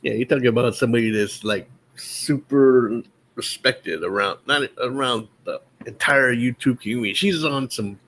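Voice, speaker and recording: A man's voice: medium pitch, normal speed, fairly bright tone, a little hiss or hum. A man chatting as a guest on a livestream, laughing often and agreeing along. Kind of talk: casual chat.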